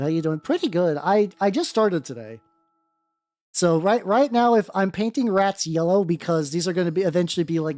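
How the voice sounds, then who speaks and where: With faint music in the background, a woman paints miniatures on a livestream, rambling casually, greeting viewers, and swearing now and then. Her voice is lowish and darkish.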